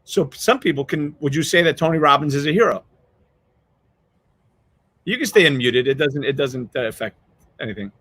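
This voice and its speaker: A man's voice: a little high, expressive, moderate pace, pauses often, fairly bright tone, no room sound. A man hosting a podcast, telling a story in a rambling, earnest way with many restarts, choked up with emotion. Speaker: podcast host. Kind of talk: casual storytelling chat.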